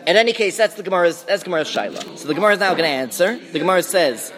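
A man's voice: high voice, lively intonation, rapid-fire, a crowd in the background. A man teaching a Talmud class, explaining as he goes with many restarts and Hebrew and Aramaic terms.

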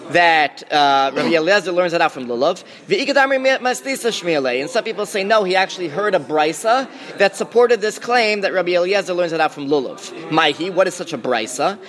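A man's voice: sits high, expressive, brisk, hardly any pauses, a bit bright. A man teaching a Talmud class, explaining as he goes with many restarts and Hebrew and Aramaic terms.

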